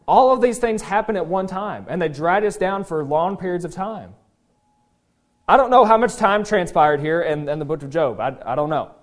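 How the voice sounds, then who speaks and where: High, animated male preacher. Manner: animated, emphatic, acts out quotes. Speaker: pastor. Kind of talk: sermon.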